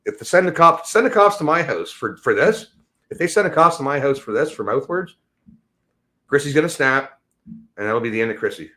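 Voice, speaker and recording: A man's voice: expressive, fairly quick, bright, forceful tone. Male podcast host, profane rambling solo rant, agitated and exasperated. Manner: swings between low mutters and high exasperation.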